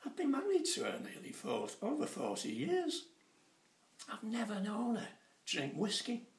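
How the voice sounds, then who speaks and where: Older comic in his sixties, lively and chatty, lots of swing in the pitch, recorded from a distance in a roomy space. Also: moderate pace. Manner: chatty, animated, acting out voices in his jokes. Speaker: stand-up comedian. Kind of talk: stand-up comedy storytelling. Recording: roomy sound from a distant mic.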